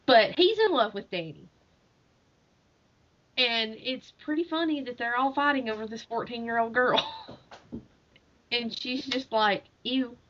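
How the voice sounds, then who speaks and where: Unhurried and pausing at length, a woman with a fairly high, slightly bright voice co-hosts a casual book podcast, animatedly retelling a story and laughing often. Her audio is dull and lo-fi.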